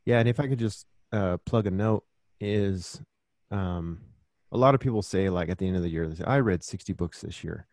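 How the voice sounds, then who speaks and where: A man's voice: low-pitched, normal speed, darkish tone, no room sound. A man talking earnestly and reflectively as a podcast guest, telling stories from his own life in a casual conversation.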